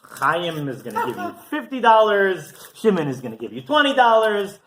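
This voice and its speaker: A man voicing a calm, smiling young groom reading off a list. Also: high voice, moderate pace, exaggerated voice. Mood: calm amused. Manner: calm, matter-of-fact.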